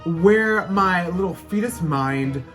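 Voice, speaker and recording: A woman's voice: on the low side, animated, takes it slowly, over music. A young adult woman vlogging in a brash, profane and theatrical way as she explains her slang in casual talk.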